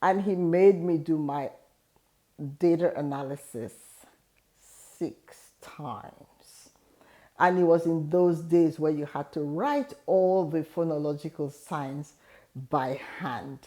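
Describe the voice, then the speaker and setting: A woman's voice: low voice, steady tone, a little slow, mellow. A middle-aged woman hosting an advice video, telling a personal story in an earnest, encouraging way. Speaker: host giving advice. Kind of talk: motivational talk.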